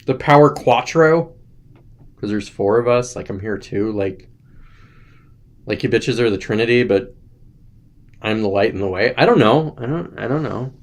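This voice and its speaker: A man's voice: medium pitch, expressive, normal speed, long pauses. A young adult man hosting a casual chat show, rambling and irreverent, joking loosely, sounding tired. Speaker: host.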